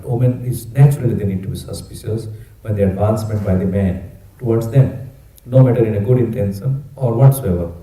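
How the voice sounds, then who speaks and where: A man, telling a sacred story in an animated, conversational sermon. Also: lowish voice, echoey room, poor audio. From India. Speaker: preacher. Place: roomy temple hall.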